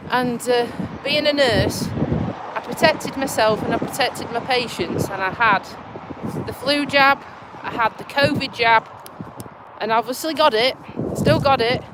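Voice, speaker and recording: Heavy background noise surrounds this on-the-high-side female voice, which moves at a measured pace. She's a vlogger and community nurse from Lincolnshire, England, with the local accent, walking outdoors by a tidal river bridge on a live stream. Chatty and blunt, she swears casually while sounding breathless and congested from a cold.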